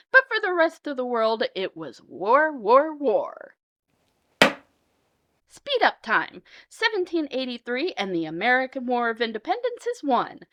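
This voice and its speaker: Woman storyteller, comic history tale, super animated, kinda high voice. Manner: animated, playful, punchy.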